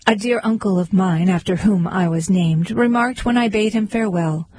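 A woman's voice: mid-range voice, normal speed, a little mellow, husky, no room sound, natural voice, poor audio. A woman voicing a meek tearful baker. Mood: mournful. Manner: meek, mournful. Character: mild tearful male baker.

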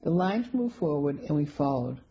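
A woman reading a first-person mystery novel aloud in a wry, even storytelling manner. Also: low voice, moderate pace, muffled recording. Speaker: audiobook narrator. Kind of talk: first-person audiobook narration.

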